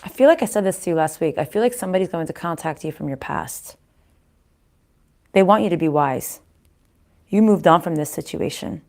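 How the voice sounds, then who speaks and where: A woman giving a casual tarot reading to viewers, pausing to consult spirits aloud and often restarting her sentences. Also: fairly low pitch, vocal fry, darkish tone. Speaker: tarot card reader.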